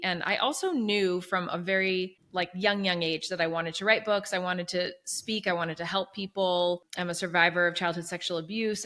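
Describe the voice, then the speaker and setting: A woman in her thirties speaks as a guest in an interview, sharing her story earnestly and with animation. Her voice sits a little low but sounds bright and forceful. She leans on fillers like "you know" and "like" as the thoughts pour out. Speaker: guest, business coach.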